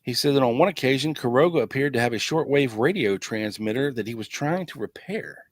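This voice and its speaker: A man's voice: medium pitch, lively intonation, a little fast, no echo. A man hosting a podcast, reading old documents aloud in a casual way and breaking in with wry asides. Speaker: podcast host.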